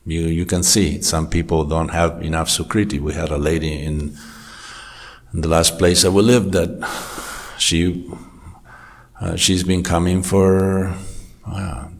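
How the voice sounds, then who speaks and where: A man giving an informal scripture class at a temple, telling stories in a relaxed, conversational way. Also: deep voice, measured pace, creaky. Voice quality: anecdotal, conversational storytelling. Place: temple hall.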